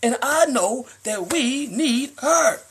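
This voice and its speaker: A young American man in a casual live-stream monologue, animated and slangy, preaching to his viewers. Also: very high-pitched, takes it slowly, slight background noise. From United States. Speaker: livestreamer.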